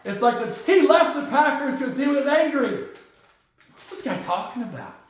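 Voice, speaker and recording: A man's voice: extremely high pitch, lively intonation, moderate pace. A man hosting a casual football news podcast, ranting with sarcastic jokes. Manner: sarcastic, jokey, slips into mocking voices. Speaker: podcast host. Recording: very echoey room.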